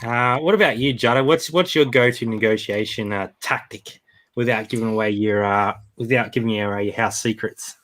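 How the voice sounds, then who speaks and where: A man's voice: mid-range voice, moderate pace, fairly bright tone. An Australian man hosting a casual live-stream chat, reading out viewer comments and chuckling often. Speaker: host.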